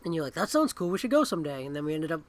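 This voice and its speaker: A man's voice: fairly high pitch, big pitch swings, rapid-fire. A man from the Boston area with a Boston accent, co-hosting a casual podcast chat, dry and teasing. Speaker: podcast co-host.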